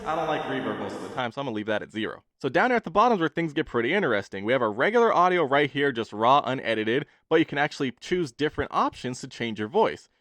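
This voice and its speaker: A man's voice: mid-range voice, sing-song, fast talker, few pauses, a bit bright, no room sound. A man walking through a product demo in an upbeat, playfully boastful way, recorded in a studio. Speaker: tech reviewer. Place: home studio.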